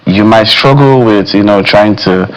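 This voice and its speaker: A man talks music as a guest critic on a TV studio panel. His voice sits a little low and he muses his way through points, leaning on "you know" as he thinks. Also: normal speed, rough recording. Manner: thoughtful, with many fillers like "you know". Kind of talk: studio discussion. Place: television studio.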